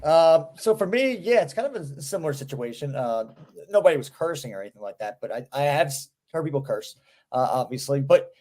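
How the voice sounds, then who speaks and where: High-voiced man telling a rambling story. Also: sing-song, a little fast, warm tone. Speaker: podcast co-host. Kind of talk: casual sports podcast chat.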